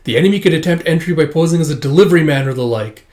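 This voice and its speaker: A man voicing a stern, calm spy father giving firm instructions, close to his own voice. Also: a little high, very fast, echoey room, lightly acted.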